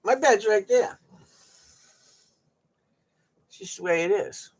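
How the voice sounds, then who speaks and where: The streamer's voice is medium-pitched and slightly rough, moving at a moderate pace. Middle-aged and at home on a cold day, this person chats loosely with viewers, folksy and joking as they ramble.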